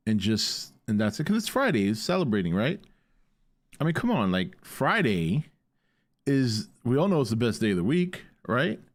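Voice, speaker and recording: Animated joking man on a live stream. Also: lowish voice. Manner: playful, joking, talks to his dog. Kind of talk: casual live stream chat.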